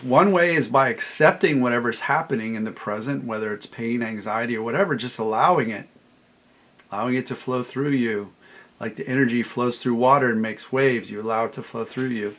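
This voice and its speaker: A man's voice: mid-range voice, brisk, a bit bright. A middle-aged man talking as a recovery coach, emphatic and repetitive, quoting clients in a raised voice. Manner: emphatic, repeats phrases, quotes clients in a raised voice. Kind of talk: solo talk to camera.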